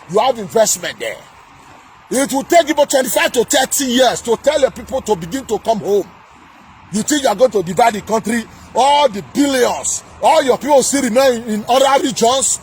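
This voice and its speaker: A man delivering an angry political rant, shouting, scolding and repeating himself. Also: very high voice, a little hiss or hum. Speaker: political commentator.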